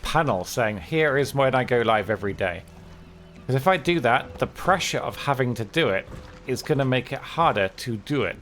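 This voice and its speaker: A man live-streaming a game, chatting casually in a candid, low-key, downbeat way. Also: fairly bright tone, a little hiss or hum. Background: game music.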